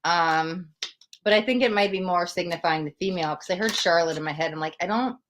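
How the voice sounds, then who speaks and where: A woman's voice: on the low side, fairly quick, fairly bright tone, a little hiss or hum. A young woman hosting a live-stream tarot reading, emotional and gushing as she talks straight to her viewers.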